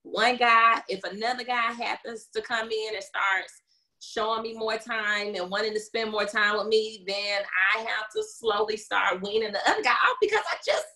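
Bright woman co-host, fairly high, blunt and sarcastic questioner. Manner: sarcastic, quick, direct questions. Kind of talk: casual group chat.

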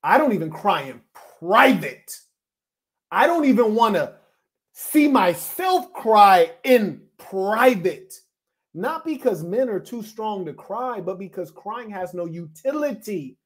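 A man hosting a podcast, giving scornful, lecturing reaction commentary with sharp swings in pitch and loudness, and reading listener messages. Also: sing-song, takes it slowly. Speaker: podcast host.

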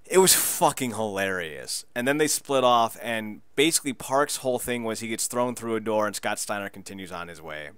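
A man co-hosting a podcast, excitedly recapping a show in casual chat, laughing and swearing as he goes. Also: on the low side, clear, resonant tone, no room sound. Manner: excitable, laughing, profane storyteller. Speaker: podcast co-host.

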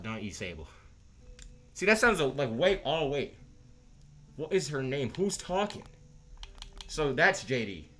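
A young man talks his way through a game in easy, slang-heavy commentary. His voice sits at an ordinary mid pitch and jumps up when he gets excited. Faint game music plays underneath. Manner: chatty and excitable, slangy, reads in-game text aloud. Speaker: gamer. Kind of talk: casual gameplay commentary.

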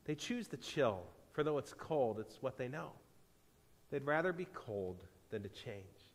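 A man voicing a gentle male stranger in a parable, speaking low and soothing. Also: expressive, normal speed. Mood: soft, reassuring. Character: gentle male stranger bringing fire, calm. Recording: reverberant church hall.

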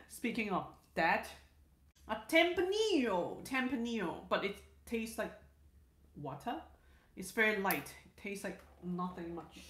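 A woman's voice: medium pitch, big pitch swings, slow, a bit bright, roomy sound. A woman hosting a casual livestream, reading viewer comments aloud in a chatty way, repeating words and restarting sentences. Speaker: livestream host.

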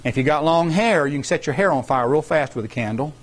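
This middle-aged workshop instructor for a science competition has a somewhat high, animated voice and talks quickly. Walking students through the rules, he rambles informally and restates points for emphasis.

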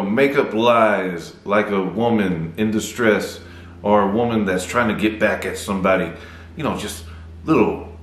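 A male YouTuber delivering a mocking call-out vlog, taunting and deliberate. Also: on the low side, echoey room.

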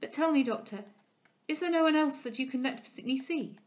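Woman voicing a feeble gentle young lady. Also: sits high, moderate pace, pitched above the performer's own voice, close to an everyday voice. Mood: feeble, fond. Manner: soft, feeble and kind. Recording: dull lo-fi recording.

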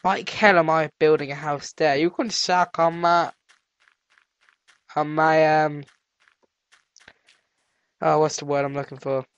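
A teenage boy with a cold and sore throat, doing let's play commentary as a gaming channel host, excitable and yelping at discoveries. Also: fairly high pitch, slow pace, pauses often, smooth, dry recording, highs cut off. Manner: excitable, yelps and squeals at discoveries, chatters to animals.

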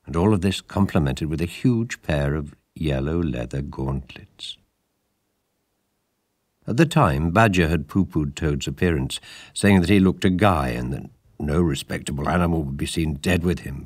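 A man with a very low voice reads a storybook aloud, measured and lively in his telling. The recording is close and dry, with no room sound. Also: no room sound. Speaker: audiobook narrator. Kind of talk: scripted storybook narration.

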